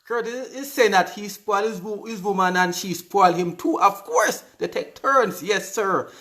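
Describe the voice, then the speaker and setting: A man's voice: sits high, a little slow, sharp tone. A Jamaican man hosting a live stream, chatting casually and reading out viewers' comments, often repeating his words. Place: indoors on live video.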